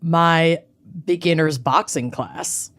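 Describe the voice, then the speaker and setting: A woman co-hosting a casual podcast, chatty and animated, often mocking herself. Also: deep voice, slow pace. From United States. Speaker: podcast co-host. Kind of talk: casual chat.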